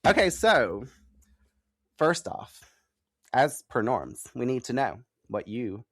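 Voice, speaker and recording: A young man co-hosting a casual podcast, animated and giggly, swearing casually as he chats. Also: mid-range voice, takes it slowly, no echo, studio quality. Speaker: podcast co-host.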